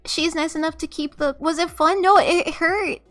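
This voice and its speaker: A woman's voice: very high-pitched, steady tone, moderate pace, fairly bright tone, soft background music. A young woman streamer telling a rambling, profane story in an exasperated, casual way, often laughing. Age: young adult.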